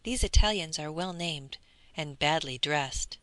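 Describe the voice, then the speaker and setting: A woman reading the lines of a scornful, fastidious young aristocratic man. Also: low-pitched, a bit bright, no room sound. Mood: disdainful.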